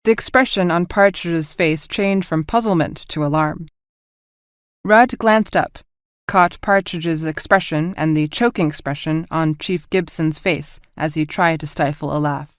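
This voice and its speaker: Clear-voiced woman audiobook narrator. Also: low-pitched, measured pace, dry recording, studio quality. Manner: even, clear reading, voicing all characters.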